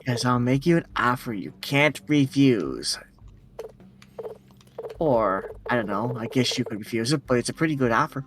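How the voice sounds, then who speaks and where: A man voicing a shady male junkyard dealer in a slow, smug mob-boss drawl, reading game dialogue over noisy audio. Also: mid-range voice, animated, a bit bright, lightly acted.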